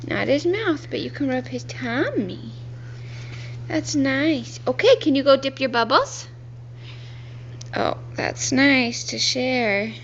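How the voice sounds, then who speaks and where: Young mom talking soft and slow to her toddler, sing-songy up and down, kinda muffled home video w/ faint hiss. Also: sits high, animated. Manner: gentle, coaxing, talks to a toddler with frequent laughs. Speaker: parent filming her child. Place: indoors at home.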